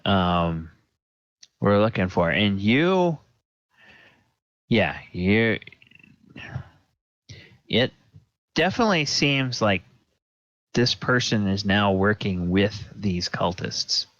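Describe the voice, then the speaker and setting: A man narrating as dungeon master of a tabletop game, slow and halting with plenty of fillers, over a home computer mic in an online session. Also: on the low side, very animated, fairly bright tone, no room sound. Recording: dull, dry lo-fi audio.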